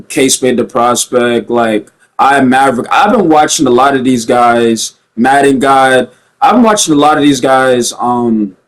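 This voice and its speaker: A man's voice: medium pitch, poor audio. A young man giving a casual, rambling video-game rant to his viewers, full of fillers and restarts. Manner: animated and rambling, with many fillers. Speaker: gaming vlogger.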